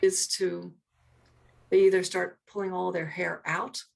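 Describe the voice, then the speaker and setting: A woman's voice: lowish voice, flat delivery, a little slow, creaky, a little mellow. A middle-aged woman talking as an interview guest, explaining earnestly with many restarts and repeated words. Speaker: guest, primatologist.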